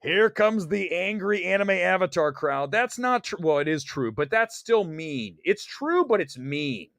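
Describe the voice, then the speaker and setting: A man's voice: sits high, big pitch swings, measured pace, a bit bright, dry recording, clean studio sound. A man hosting a livestream about movies, talking bluntly and teasing his chat. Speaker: livestream host.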